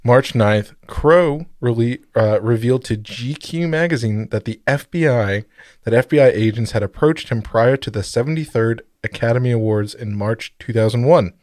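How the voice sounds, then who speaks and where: A man's voice: medium pitch, normal speed, darkish tone, no echo. A man co-hosts a casual podcast, telling stories at a loose, rambling pace. He jokes as he goes and stops to fix his own mistakes. The recording is dry and close. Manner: rambling storyteller, joking, self-correcting. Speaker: podcast co-host.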